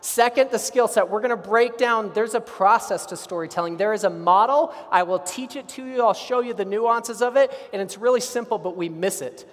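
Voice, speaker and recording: A man of about forty giving an energetic storytelling keynote at a conference, often asking the audience questions. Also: high-pitched, brisk, few pauses, big-room sound. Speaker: keynote speaker. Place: conference hall stage.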